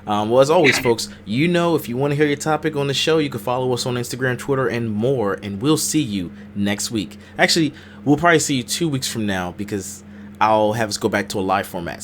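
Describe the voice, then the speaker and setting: A man hosting a casual podcast chat, laid-back and chatty with quick asides. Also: medium pitch, lively intonation, a little hiss or hum. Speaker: podcast host.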